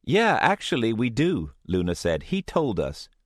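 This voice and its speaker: A man's voice: medium pitch, huge pitch swings, a little slow, no room sound, clean studio sound, voice pushed up. A male narrator voicing a bold, combative young woman who talks bluntly and defiantly.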